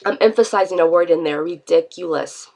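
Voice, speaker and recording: A woman's voice: mid-range voice, normal speed, vocal fry. A woman vlogger, congested from a cold, chatting in a rambling, self-deprecating way in an unscripted vlog.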